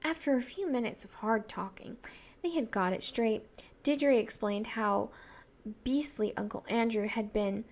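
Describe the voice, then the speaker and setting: A woman reading a children's novel aloud in a soft voice, gently voicing the children. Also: a little high, normal speed. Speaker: reader.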